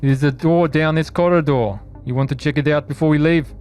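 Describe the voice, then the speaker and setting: A man's voice: a little high, fairly even intonation, a little fast, a little mellow, faint music behind. A man narrating a tabletop horror game as game master, casual and descriptive.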